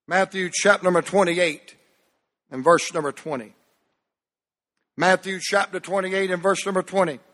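Male pastor, high voice, slow deliberate emphatic preaching, long church-hall reverb. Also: fairly bright tone. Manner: emphatic preaching with drawn-out, dropping phrase ends. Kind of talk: sermon. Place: church sanctuary.

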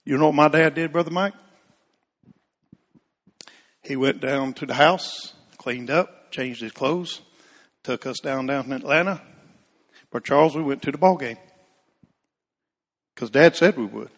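A man's voice: mid-range voice, unhurried, pauses often, in a large hall. A man preaching a folksy storytelling sermon, calling out congregation members by name. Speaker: Baptist pastor.

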